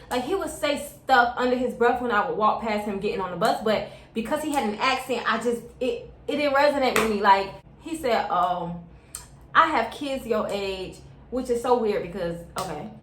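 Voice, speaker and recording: Young woman vlogger, higher voice, slangy casual story time, echoey room. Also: a bit bright, a little hiss or hum. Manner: chatty, slangy, keeps addressing viewers as y'all.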